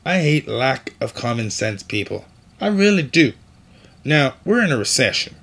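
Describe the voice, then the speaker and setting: A man's voice: mid-range voice, very animated, moderate pace, vocal fry, a bit bright. A man hosting an opinionated news commentary show, delivering stories with indignant, sarcastic asides.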